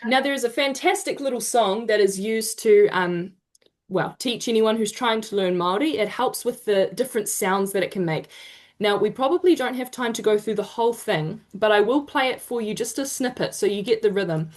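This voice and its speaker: New woman, online workshop presenter, warm praise, slow drawn-out demo sounds, video-call audio. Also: mid-range voice. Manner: encouraging, drawn-out demonstration sounds. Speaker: te reo Māori workshop presenter. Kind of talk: online teaching session.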